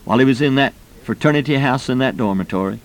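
A man from Florida preaching, telling a personal story in a folksy, animated way about using gospel tracts. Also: fast. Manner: folksy, animated storyteller who acts out quoted voices with rising pitch. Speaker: preacher teaching personal evangelism. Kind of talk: storytelling sermon.

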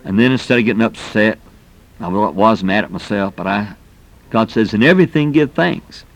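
A man's voice: on the low side, steady tone, moderate pace. Folksy, emphatic male preacher. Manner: folksy and emphatic, exclamations of "man". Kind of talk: sermon.

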